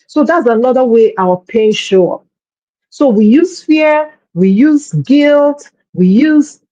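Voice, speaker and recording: A woman's voice: a little high, warm tone, no echo, poor audio. A woman coaching parents in a workshop talk, speaking earnestly and often repeating words as she searches for her phrasing.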